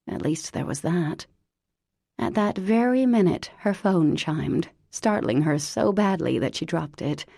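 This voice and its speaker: A woman reading an audiobook in a wry, deadpan narrating manner. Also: on the low side, measured pace, vocal fry, breathy edge, dry recording, studio quality.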